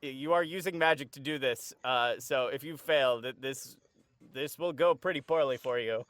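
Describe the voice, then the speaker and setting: A man's voice: mid-range voice, normal speed, a bit bright. A man running a tabletop game as game master, narrating in a hesitant way with many fillers and frequent laughter.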